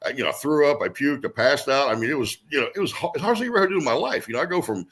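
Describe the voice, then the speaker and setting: A middle-aged man tells his story at a quick clip, his voice husky and bright. He swings his pitch widely and acts out other people's lines as he goes. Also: rough recording. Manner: animated storyteller who acts out quotes, swears freely. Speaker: guest wrestler. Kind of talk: storytelling interview.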